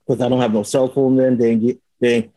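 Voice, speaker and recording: A man in casual chat, telling a story in an animated way and acting out the lines of the people in it. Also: mid-range voice, fast, no echo, rough recording. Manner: animated storytelling, acts out quotes with swearing.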